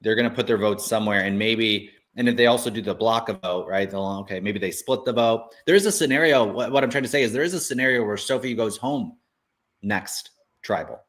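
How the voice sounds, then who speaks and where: A man co-hosting a casual show, thinking aloud in animated bursts with many restarts. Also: on the low side, fairly quick. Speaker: co-host. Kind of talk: casual podcast chat.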